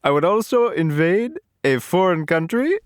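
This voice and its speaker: A man voicing a pompous, self-important male lemur king, quoting him with grand boasting in a raised, lively voice. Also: sits high, moderate pace, smooth, no echo, studio quality, pitched above the performer's own voice. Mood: grandiose.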